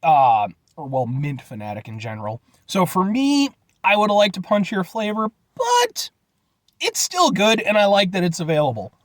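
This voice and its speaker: A man's voice: high-pitched, huge pitch swings, moderate pace, no room sound. A man giving a rambling, jokey casual vlog review, often addressing viewers as folks. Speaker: food reviewer.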